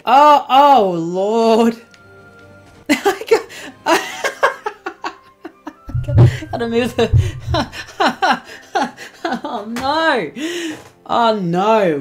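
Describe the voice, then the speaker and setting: A woman hosting a let's play, commenting on the game in an excitable way and laughing often. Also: medium pitch, very slow, pauses often, soft background music. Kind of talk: gameplay commentary.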